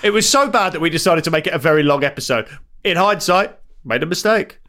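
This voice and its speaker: A man's voice: fairly high pitch, animated, fast, pushed and bright. A man co-hosting a comedy podcast, bantering in a dry, mocking way at his desk mic. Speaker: podcast co-host. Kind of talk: bickering comedy podcast chat. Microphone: home studio mic at a desk.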